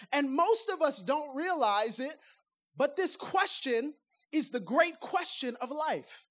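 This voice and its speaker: A woman with a high voice preaches a sermon like a conversation. She throws rhetorical questions at her listeners and slips into acted-out bits of everyday talk, laughing now and then between points. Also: lively intonation, slow pace. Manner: acts out everyday speech to make points.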